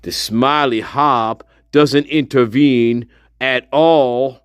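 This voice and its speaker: A man's voice: mid-range voice, fairly even intonation, very slow, clear, resonant tone, no echo. A man playing an exasperated, foul-mouthed male spirit guide in the afterlife, ranting and stammering through an improvised comic monologue. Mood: rambling.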